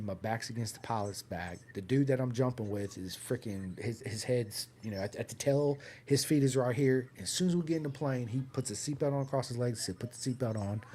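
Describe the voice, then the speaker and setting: A man's voice: medium pitch, a little mellow, slight background noise. A man telling a story on a podcast, swearing freely and tagging his sentences with "right?" and "bro". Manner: profane, punctuates with "right?" and "bro". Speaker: race team member guest.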